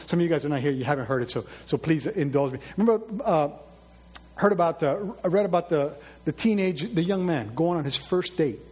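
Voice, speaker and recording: High husky guy preaching, telling a funny story to the church, doing the voices. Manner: storytelling, acts out characters, asks the congregation questions. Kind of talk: sermon with a told joke story.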